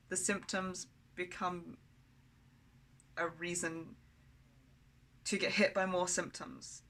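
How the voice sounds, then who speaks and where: Woman, video diary, blunt and candid, swears often, bright tense voice, faint background hum. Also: on the low side, low-quality recording. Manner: rambling, with many fillers and restarts. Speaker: vlogger.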